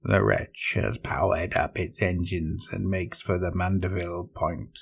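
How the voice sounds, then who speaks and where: A man voicing a weak, groveling servant with a croaking, quiet voice. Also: deep voice, level tone, unhurried, exaggerated voice.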